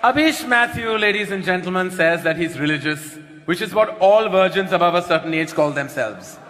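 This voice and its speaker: High-pitched guy emceeing a roast, teasing intros, big echoey hall, noisy room. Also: lively intonation, moderate pace. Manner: announces roasters with mocking introductions. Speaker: roast master of ceremonies. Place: large hall with a live audience. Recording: echoey hall recording with background noise.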